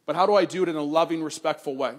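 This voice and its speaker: This pastor's talk blends a personal story with exhortation in sermon fashion, told earnestly and conversationally with warm conviction. Pitched slightly high for a male voice, he stretches important words and slows down to drive his point home.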